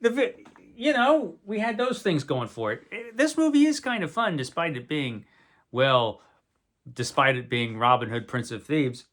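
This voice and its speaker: A man's voice: a little high, big pitch swings, moderate pace, a bit bright. A man hosting a video, casually talking through films he likes with wry, rambling asides and frequent self-corrections. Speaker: video host reviewing movies. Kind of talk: casual unscripted talk to camera.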